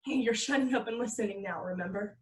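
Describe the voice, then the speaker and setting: Woman reading a tired frustrated girlfriend, firm, scolding, higher voice, echoey room. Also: quick pace, lightly acted. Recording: echoey room, far from the mic.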